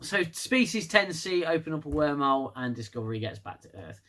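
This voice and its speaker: Male reviewer, slightly high voice, sarcastic and rambling, swears freely. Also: big pitch swings, a little fast, sharp tone. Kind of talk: casual solo review.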